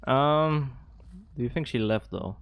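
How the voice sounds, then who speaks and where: A man giving casual live gameplay commentary as a streamer, excitable, swearing and laughing often. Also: medium pitch, unhurried, gravelly. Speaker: gaming streamer.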